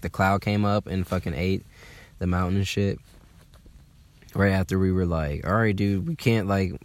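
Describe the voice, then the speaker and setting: A young man from telling a casual, animated story, swearing freely and using lots of fillers. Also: low voice. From Atlanta, USA. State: slightly hungover.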